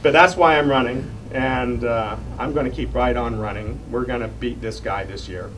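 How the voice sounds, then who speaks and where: A man's voice: mid-range voice, fairly even intonation, normal speed. Earnest middle-aged man giving a stump speech. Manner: earnest, emotional storytelling, chuckles at himself. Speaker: congressional candidate. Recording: distant mic, faint room noise.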